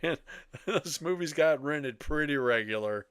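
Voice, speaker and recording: A man's voice: on the high side, expressive, a little slow, a bit bright, clear, resonant tone, dry recording, clean studio sound. An older man co-hosting a podcast, chatting casually in a rambling, wry way and laughing often. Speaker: podcast co-host. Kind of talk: casual chat.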